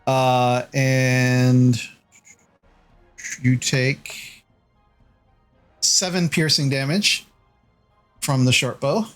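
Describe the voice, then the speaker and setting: A man running a tabletop game as dungeon master, narrating slowly with frequent fillers. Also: medium pitch, fairly even intonation, fairly bright tone, faint music behind. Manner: slow, halting narration with many fillers.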